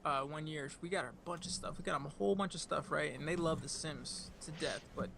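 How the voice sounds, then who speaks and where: Gravelly higher-voiced man telling a story. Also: noisy background. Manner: warm, halting storytelling. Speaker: podcast co-host, parent. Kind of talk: casual chat over a call. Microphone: online call headset or desk mic.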